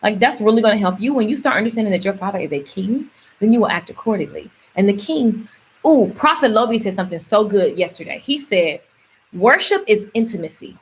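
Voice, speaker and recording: A woman's voice: medium pitch, lively intonation, fairly quick, slightly rough. A young woman, coaching her audience in a casual motivational livestream, chatty and preachy and repeating words for emphasis.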